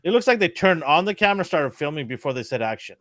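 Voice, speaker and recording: A man's voice: on the high side, sing-song, quick pace, crowd noise. A man hosting a casual pop culture show who laughs often and reads out comments from viewers. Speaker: podcast host. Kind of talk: casual chat.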